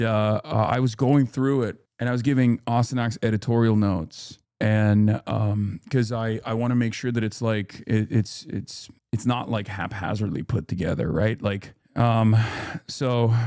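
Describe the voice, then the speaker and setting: A man's voice: fairly low pitch, steady tone, a little slow, darkish tone, no echo, clean studio sound. A man in his thirties talking casually on a live stream, rambling with restarts and fillers and reading viewer comments aloud.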